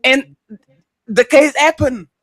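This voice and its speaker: A man in casual opinion talk on a streamed panel, animated and emphatic, often slipping into mocking impressions. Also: very high-pitched, takes it slowly, no echo, clean studio sound. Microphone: streaming microphone.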